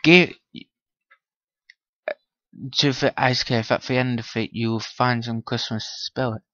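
A man talks slowly through a game session, muttering to himself and needling the characters on screen. His voice sits at a middling pitch. The recording is dull and lo-fi, with a dry, close sound. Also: steady tone, bright, forceful tone, no echo. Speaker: gaming channel host. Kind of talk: Minecraft let's-play commentary.

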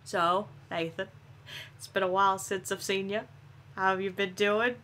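A young woman giving casual, excitable gameplay commentary, swearing and laughing often. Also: mid-range voice, normal speed. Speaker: gameplay video creator.

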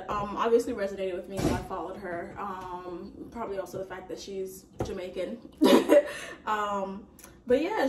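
A woman's voice: fairly high pitch, a little hiss or hum. Chatty woman, echoey room, distant mic. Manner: chatty, exclamatory, addresses viewers as y'all. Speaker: vlogger hosting an unboxing. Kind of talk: casual chat to viewers. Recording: roomy echo, mic at a distance.

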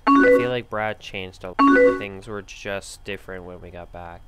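A man's voice: low voice, measured pace. A man reading aloud the chat messages of a sad young woman who texts a friend, in his own everyday voice. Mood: downcast. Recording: loud background music.

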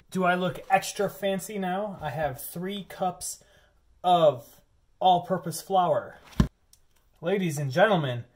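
A man's voice: high-pitched, background noise. A man hosting his cooking vlog, chatty and goofy, rambling as he cooks. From Lower Peninsula of Michigan. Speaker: cooking channel host.

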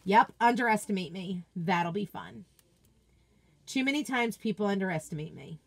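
A woman's voice: medium pitch, lively intonation, normal speed. A woman hosting a casual unboxing video from her home office, gushing with enthusiasm and chatting to viewers' comments. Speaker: craft product seller and video host.

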